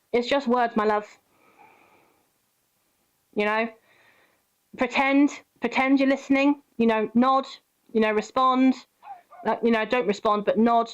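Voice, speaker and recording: A young woman live streaming, chatting casually and gently reassuring her viewers with advice. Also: fairly high pitch. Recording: dull lo-fi stream audio.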